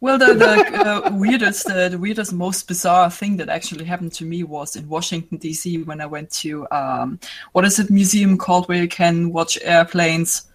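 A calm, mellow man from Bavaria with a German accent and a fairly high voice, chatting with friends and laughing easily. His voice is even and relaxed, light rather than deep. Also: normal speed. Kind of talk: casual chat.

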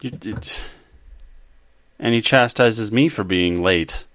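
A man's voice: on the low side, slow, a bit bright, no echo, studio quality. A man co-hosting a podcast in casual, joking banter with friends. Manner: jokey, laughing, playful banter. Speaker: podcast co-host. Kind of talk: casual chat.

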